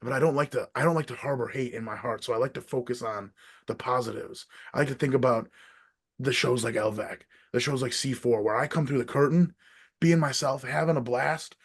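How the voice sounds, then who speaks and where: A man with an American accent, a wrestler and podcast guest, talking casually in a profane, ranting way that swings between loud outbursts and quiet asides. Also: medium pitch, brisk, breathy edge. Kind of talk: casual interview chat.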